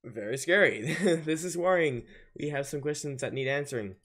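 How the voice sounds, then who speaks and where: A man's voice: a little high, normal speed, fairly bright tone. Chatty man thinking aloud over a game. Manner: casual, thinks aloud, easily confused. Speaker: gaming channel host. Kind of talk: gameplay commentary.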